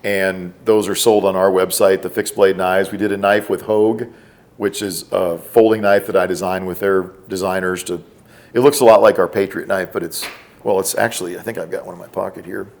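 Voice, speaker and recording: A middle-aged man with a low voice, a former special forces operator appearing as a podcast guest, tells stories casually. His storytelling is relaxed and drawn out, with quoted dialogue.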